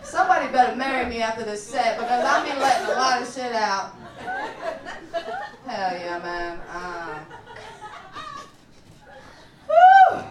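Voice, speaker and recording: A young woman from Chicago tells crude, rowdy stories in a live stand-up set, often laughing as she goes. Her voice sits a little high. It is picked up from a distance in an echoey room with clear noise behind her. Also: sing-song, unhurried, long pauses, over a noisy crowd. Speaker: stand-up comic. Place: live comedy venue.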